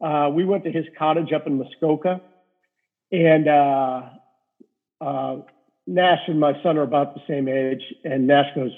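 A middle-aged man with a husky, slightly high voice tells rambling stories as a guest, leaning on fillers as he goes. He is a rink-side hockey reporter, and he comes through a tinny, phone-like line. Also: a little slow. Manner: rambling anecdotes with many fillers. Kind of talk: casual storytelling interview.

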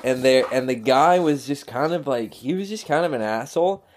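A young man tells a story in a casual conversation. He talks with energy and acts out the voices of the people he describes. His voice sits in an ordinary middle pitch. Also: animated, brisk, a little mellow, slight background noise. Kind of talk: casual chat.

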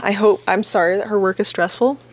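A woman's voice: medium pitch, fairly even intonation, brisk. A young woman co-hosting a podcast, reading listener questions aloud and giving earnest, supportive advice in a casual tone. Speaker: podcast co-host.

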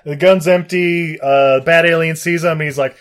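A man with a slightly high voice tells a film's plot in a loose, rambling way. He swears freely and laughs often as he acts out the scenes. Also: fairly even intonation, moderate pace. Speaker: podcast co-host recapping a film. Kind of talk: casual chat.

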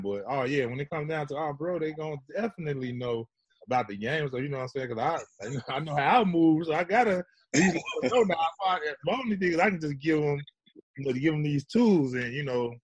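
A relaxed man chats in a loose, slangy way, tossing in "you know what I'm saying" as he tells his stories. His voice sits in an ordinary middle range and sounds close, with no room echo at all. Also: medium pitch, slightly rough. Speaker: guest. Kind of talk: casual storytelling chat.

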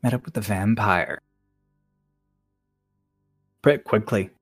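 A man's voice: fairly low pitch, takes it slowly, husky, no echo, clean studio sound, faint music behind. A man voicing a laid-back, blunt woman sailor with a Cockney accent and clipped, offhand phrasing.

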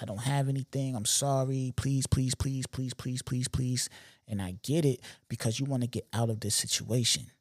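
On his podcast, a young man recounts a story with animated slang and emphasis, tossing in repeated asides to his audience. He speaks in an ordinary mid-range voice, and the audio is dry with no echo.

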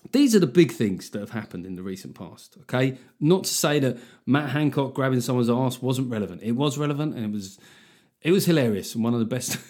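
Brief: male comedian, self-mocking, rambling solo podcast monologue, ordinary pitch. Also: darkish tone.

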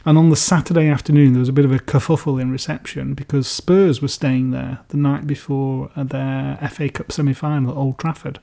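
A man's voice: mid-range voice, flat delivery, fairly quick, creaky, hardly any pauses, dark tone. A man hosting a podcast, prompting guests with dry, teasing asides. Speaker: podcast host. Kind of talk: casual podcast chat.

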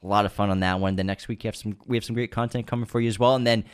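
A man's voice: on the low side, steady tone, clean tone. Nasal man hosting a podcast. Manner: enthusiastic, fast with restarts. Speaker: podcast host. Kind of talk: casual chat.

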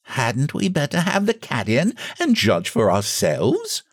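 A man's voice: mid-range voice, huge pitch swings, a little slow, no room sound, studio quality, voice pushed up, full character voice. A man reading a storybook, voicing a nervous upper-class hostess who speaks in a strained, apologetic voice.

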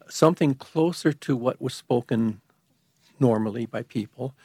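A man talks through an explanation in a measured way, pausing and restarting as he goes. His voice is gravelly with a husky edge. It is recorded dry and close. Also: mid-range voice, a little mellow, dry recording. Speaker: guest expert on liturgy. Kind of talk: explanatory conversation.

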